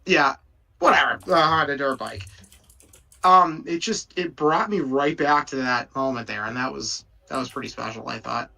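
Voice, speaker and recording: A man's voice: medium pitch, moderate pace, gravelly, bright, forceful tone. A man enthusiastically telling a nostalgic story in a group video chat. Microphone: video call. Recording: distant from the mic.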